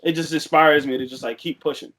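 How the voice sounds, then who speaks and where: A young man talking as a podcast guest, relaxed and rambling, with frequent fillers in casual chat. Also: on the high side, brisk, rough recording.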